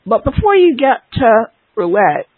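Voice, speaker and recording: A woman's voice: on the high side, sing-song, unhurried, husky, dry recording. A woman interviewing a guest on the radio, asking long winding questions over a tinny phone line.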